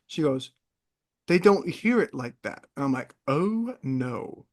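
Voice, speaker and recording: A young man in casual podcast chat, an animated storyteller who wanders into tangents. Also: mid-range voice, slow pace. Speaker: podcast co-host.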